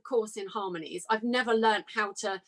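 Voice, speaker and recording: A woman hosting a podcast, talking in an enthusiastic, animated way in casual conversation with her guest. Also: medium pitch, moderate pace. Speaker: podcast host.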